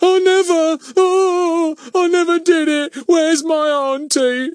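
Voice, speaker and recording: A man reading an audiobook voices an unseen man who groans and pleads in a high, wailing tone. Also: little pitch movement, slow pace, no echo, clean studio sound.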